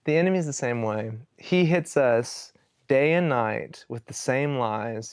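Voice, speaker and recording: A man, a worship pastor, teaching in a casual, animated storytelling way and retelling scripture stories with everyday fillers. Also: mid-range voice, a little slow, smooth, no room sound, clean studio sound.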